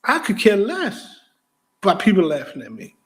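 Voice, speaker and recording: Man hosting a motivational talk, casual and direct, stumbles and repeats words when excited, slightly high voice. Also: moderate pace. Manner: energetic, repeats himself and stammers when excited; casual, direct, speaks straight to the listener. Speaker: host.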